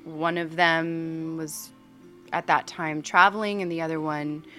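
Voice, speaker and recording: Chatty woman with a bright, low voice. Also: level tone, unhurried, faint music behind. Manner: chatty, laughs easily, gushing. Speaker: podcast guest, yoga teacher. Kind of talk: casual chat.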